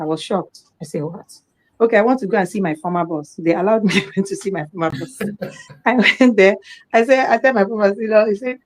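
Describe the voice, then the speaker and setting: Animated Nigerian woman telling a story. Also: mid-range voice, moderate pace, low-quality recording. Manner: animated storytelling, acting out dialogue. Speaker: storyteller sharing a personal account. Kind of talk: impassioned personal testimony.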